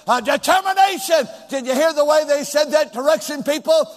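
High-voiced preaching pastor in echoey hall. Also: male voice, a little fast. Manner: preaching with call and response, rising into shouts. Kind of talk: sermon with call-and-response. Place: large church hall with two floors. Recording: long hall reverb.

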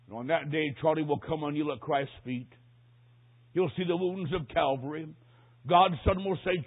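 A man preaching a sermon, telling a story dramatically, dropping to a hush and rising to a shout. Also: on the high side, steady tone, moderate pace, husky. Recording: tinny phone-like lo-fi recording.

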